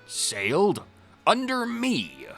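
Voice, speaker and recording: A man voicing a forgetful old male ship captain in a video game playthrough, speaking in a gruff drawl. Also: mid-range voice, wildly swooping pitch, slow, darkish tone, soft background music, exaggerated voice.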